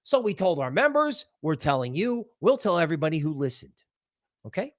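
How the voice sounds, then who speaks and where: Excitable man rambling through market talk. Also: on the high side, brisk, no room sound, clean studio sound. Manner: excitable, rambling, thinks aloud. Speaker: crypto channel host. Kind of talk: livestream market commentary.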